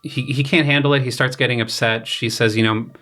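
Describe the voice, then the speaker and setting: Speaking briskly in a mid-range voice, a young man explains his opera on a laid-back podcast while soft music plays. He's a graduate student composer, and his talk is loose, filled with fillers and paraphrased quotes.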